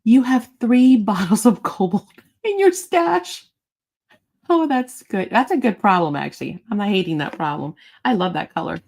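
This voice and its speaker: A chatty woman hosts a live online sale, her voice sitting at an ordinary middle pitch. She is bubbly and thinks aloud as she talks. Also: sing-song, normal speed, creaky, darkish tone, poor audio. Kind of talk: casual live-sale chat.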